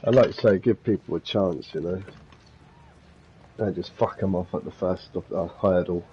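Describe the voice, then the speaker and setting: A man's voice: sits low, normal speed, muffled recording, slight background noise. A man chatting casually on a stream, rambling through stories with easygoing swearing. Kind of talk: casual chat on a livestream.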